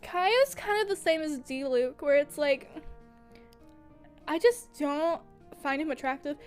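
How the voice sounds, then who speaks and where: Soft music plays behind a young woman whose high voice moves a little slowly as she chats on her livestream. She gushes and giggles often, laughing mid-sentence, with lots of filler words.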